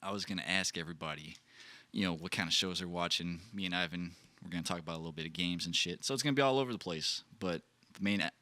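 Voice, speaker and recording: A man hosting a casual podcast chat, telling stories in an excitable, profane way. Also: sits low, quick pace, dry recording. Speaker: podcast host.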